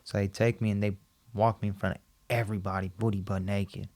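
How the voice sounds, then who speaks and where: A man as a podcast guest, recounting a personal story and acting out the dialogue in an animated, repetitive way. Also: lowish voice, fairly quick. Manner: animated, acts out quoted dialogue, repeats himself.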